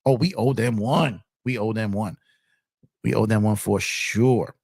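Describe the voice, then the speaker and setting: A man chats casually on a live stream, laid-back and prone to repeating himself as he reads messages aloud. His voice is gravelly, still a little rough from a recent cold. The sound is dry and close, with no room around it. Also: on the low side, a little slow, darkish tone, no echo. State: recovering from a cold. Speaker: sports stream host.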